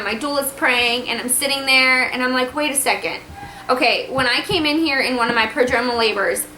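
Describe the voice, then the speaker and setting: Woman vlogger, chatty animated storyteller, bright sharp tone, faint room hum behind. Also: fairly high pitch. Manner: chatty, animated, acts out dialogue. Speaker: vlogger telling her birth story. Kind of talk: casual storytelling to camera. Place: at home. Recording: echoey room, faint ambience.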